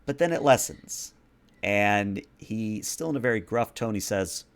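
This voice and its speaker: Calm low-voiced male game master. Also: a little slow, clear, resonant tone. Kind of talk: narrating a tabletop game.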